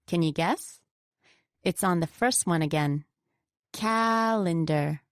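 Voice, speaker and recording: A woman co-presenting a scripted pronunciation lesson, slowing down to stress example words with care. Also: sits low, lively intonation, no echo, studio quality. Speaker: pronunciation teacher.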